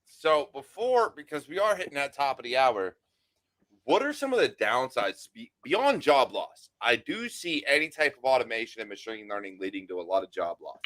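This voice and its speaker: A man's voice: medium pitch, very animated, normal speed, a bit bright, dry recording. Man, medium voice, blunt casual host, swears a lot. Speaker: podcast host. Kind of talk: casual interview talk.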